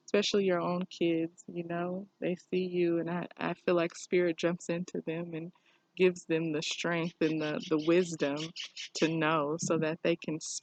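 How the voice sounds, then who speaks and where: A woman's voice: lowish voice, gravelly, no echo, rough recording. A woman talking candidly to camera in a personal vlog, reflective and meandering. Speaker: vlogger.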